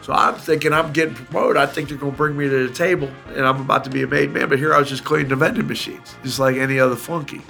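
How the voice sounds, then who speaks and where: A man's voice: mid-range voice, steady tone, fast talker, vocal fry, hardly any pauses, sharp tone, soft background music. Wry man recalling his past. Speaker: interviewee. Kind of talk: casual storytelling.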